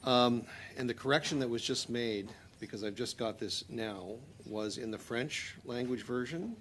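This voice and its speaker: A man on a committee, deliberately questioning officials about an amendment. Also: medium pitch, fairly bright tone, slight background noise. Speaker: committee member.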